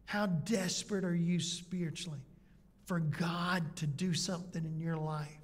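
A man's voice: sits high, unhurried. A man preaching a sermon as pastor in a conversational way, full of rhetorical questions. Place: church sanctuary. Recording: church hall reverb.

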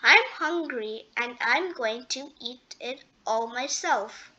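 A woman reading a young girl's lines in a storybook, firm with her cat, in a lively voice. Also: a little high, slow pace, heavily acted. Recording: dull lo-fi sound.

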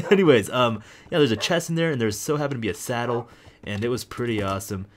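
Excitable young man narrating his gameplay. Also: mid-range voice, a little fast, a little hiss or hum. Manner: excitable, rambling, jokey. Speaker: gaming video host. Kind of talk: casual let's-play commentary.

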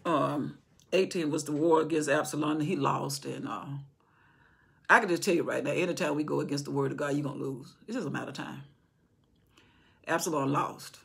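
Indoors in a candlelit room, a woman leads an informal Bible study, speaking conversationally with rhetorical questions and frequent restarts. Her voice is low and creaky, slightly rough, yet fairly bright in tone.

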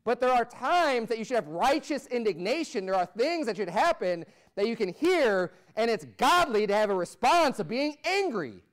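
High-pitched preaching man, fiery bursts. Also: big pitch swings, normal speed, hardly any pauses. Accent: American. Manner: preaches in bursts, rising to loud peaks then dropping low. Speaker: pastor. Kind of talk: fiery Baptist sermon.

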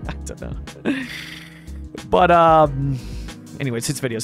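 A man's voice: a little high, expressive, normal speed, fairly bright tone. A man from Vancouver giving casual gameplay commentary over a city-building game, rambling, chuckling often and thinking aloud. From Canada (Vancouver). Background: faint background music.

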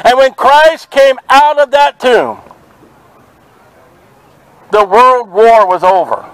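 A man's voice: very high-pitched, expressive, slow, fairly bright tone, no echo, poor audio. A man preaching fervently outdoors at a market, quoting scripture in an open-air sermon. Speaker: street preacher.

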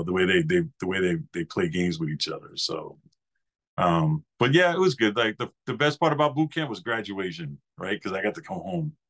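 A man's voice: lowish voice, a bit bright. A man in his fifties from New York, a podcast guest telling easygoing, rambling stories about his years as a Marine. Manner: rambling anecdotal storyteller, easygoing. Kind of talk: casual interview storytelling.

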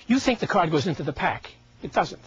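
A man's voice: fairly high pitch, very animated, brisk, dull audio. An older man performing comedic magic patter as a magician, a wisecracking, chatty showman.

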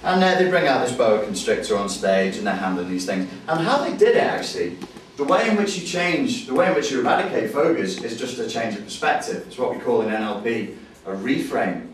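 Animated man in echoey hall. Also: medium pitch, a little fast, a little hiss or hum. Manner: animated, jokey, acts out voices and screams. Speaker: NLP trainer. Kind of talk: lively teaching with acted-out stories. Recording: very echoey room, distant mic.

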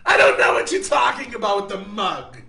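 A man playing a shrill, cackling, insulting evil clown who hosts a live call-in show. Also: big pitch swings, brisk, gravelly, sharp tone, echoey room, full character voice. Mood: taunting. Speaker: host.

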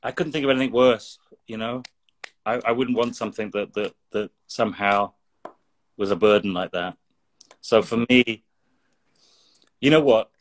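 A man's voice: fairly low pitch, normal speed, pauses often. A middle-aged man from England speaking as an interview guest, earnest and reflective, often repeating words as he searches for them. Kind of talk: interview conversation.

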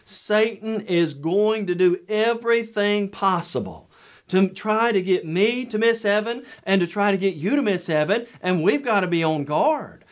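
A man preaching a televised sermon lesson, measured and emphatic, with repeated rhetorical questions. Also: high voice.

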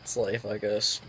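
A man's voice: mid-range voice, slight background noise. A teenage boy ranting casually to camera, irritated, swearing and rambling with lots of fillers. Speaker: vlogger.

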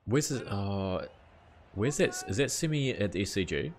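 A man's voice: lowish voice, lively intonation, moderate pace, a little hiss or hum. A young man chatting casually to viewers on a live game stream, easygoing and full of questions. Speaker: gaming streamer.

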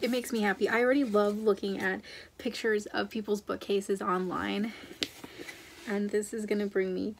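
A young woman talks through an unboxing in a chatty, gushing way, often breaking off and starting her sentences again. Her voice has a gravelly edge. Steady background noise runs under the home recording. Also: medium pitch. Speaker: book vlogger. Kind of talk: casual vlog chat.

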